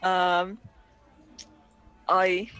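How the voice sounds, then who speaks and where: A woman's voice: fairly low pitch, little pitch movement, drawn-out words, fairly bright tone, smooth. A woman playing in a tabletop game, talking in a hesitant, stammering, giggly way. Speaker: player. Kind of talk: tabletop role-play.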